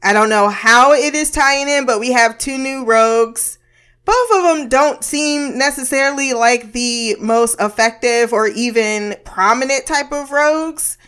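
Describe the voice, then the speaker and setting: A TV episode reviewer with a smooth, slightly high and bright voice recaps an episode at a measured pace. She's casual and blunt, swears freely, and laughs often between remarks.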